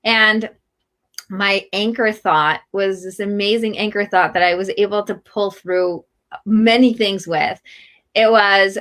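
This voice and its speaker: A woman's voice: mid-range voice, unhurried. A middle-aged woman, a marriage coach and guest, chatting casually and acting out the voices of people she quotes. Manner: animated, acts out quoted voices. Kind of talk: casual interview chat.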